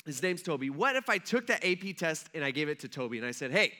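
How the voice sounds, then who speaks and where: A male pastor in his thirties preaching a relaxed, conversational sermon. He tells stories with animation and fills his speech with casual fillers. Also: a little high, fast talker. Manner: animated storyteller, acts out quotes, many fillers like "like".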